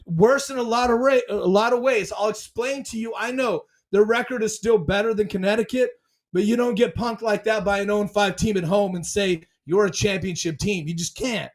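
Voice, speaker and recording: High-voiced excitable man ranting about sports. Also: moderate pace. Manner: dramatic and excitable, repeats phrases. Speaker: sports podcast host. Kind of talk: excited fan podcast rant.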